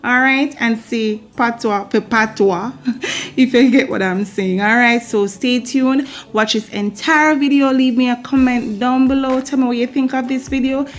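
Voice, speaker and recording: A Jamaican woman vlogger giving a casual language lesson, repeating phrases slowly and playfully for learners. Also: fairly high pitch, steady tone. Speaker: vlogger teaching Patois.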